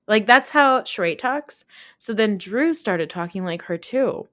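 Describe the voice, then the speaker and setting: A woman podcast host recapping a reality show in a casual, chatty way, with lots of fillers and quick asides. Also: a little high, expressive, a bit bright, no room sound, clean studio sound.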